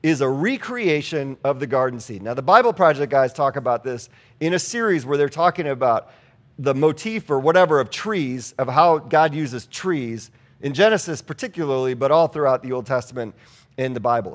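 A man preaching a sermon in a loose, conversational way. His voice sits a little high, and he reads scripture between casual asides and rhetorical questions. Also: sing-song, normal speed. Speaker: pastor.

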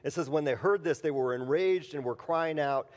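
A man's voice: fairly high pitch, normal speed. A man preaching a conversational sermon, mixing scripture reading with jokey everyday stories. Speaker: pastor. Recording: long hall reverb.

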